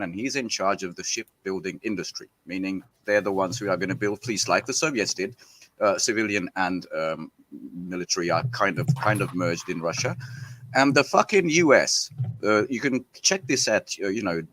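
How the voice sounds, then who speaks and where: A man hosting a podcast panel, talking in a blunt, excitable, halting way and swearing at times. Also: fairly low pitch. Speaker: podcast host. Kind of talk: casual panel discussion.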